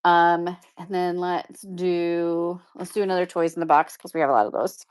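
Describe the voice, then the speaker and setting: A woman's voice: on the low side, steady tone, moderate pace, clear, resonant tone. A woman hosting a live-stream pin auction, chatting casually and upbeat with viewers and laughing often. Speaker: live shopping seller.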